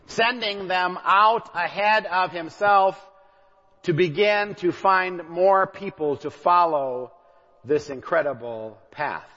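Preaching in a high-pitched, fairly bright voice, a man in his thirties serves as pastor. He retells a story with asides and performs the characters' lines. The recording is dull and carries long hall reverb.

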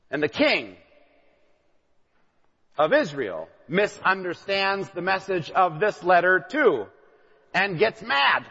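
A man's voice: sits high, very animated, unhurried, pushed and bright, slightly rough. A man in his thirties preaching a sermon, retelling a story with asides and acting out the characters' lines. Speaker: pastor. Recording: dull recording with long hall reverb.

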